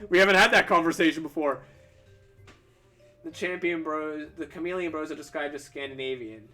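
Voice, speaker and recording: Young man, bright voice, slightly high, rambling casual stream chat, faint music behind. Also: moderate pace, long pauses. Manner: chatty, rambling, self-interrupting. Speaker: streaming artist.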